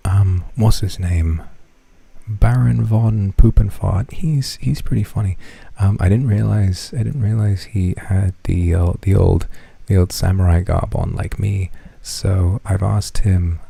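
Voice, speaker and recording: A man chatting on his stream, keeping to a hushed half-whisper. His low voice is gravelly and husky, and his talk is rambling, profane and self-deprecating. He sounds dry and close-up. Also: fairly even intonation, a little slow, no echo. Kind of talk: casual chat stream.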